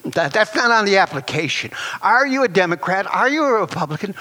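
High, bright-voiced preacher man. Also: brisk, hardly any pauses. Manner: animated, emphatic preaching with chuckles and rhetorical questions. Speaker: pastor. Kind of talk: sermon.

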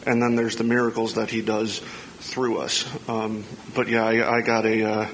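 A man's voice: on the low side, monotone, normal speed, fairly bright tone, slight background noise, rough recording. A man from the congregation sharing a testimony, hesitant and searching for his words.

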